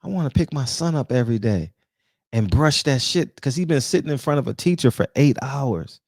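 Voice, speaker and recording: Fired-up man preaching with lively pitch. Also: fairly quick, vocal fry, dry recording, clean studio sound. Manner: preachy, confrontational, repeats rhetorical questions. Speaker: barbershop talk show host. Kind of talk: heated casual monologue.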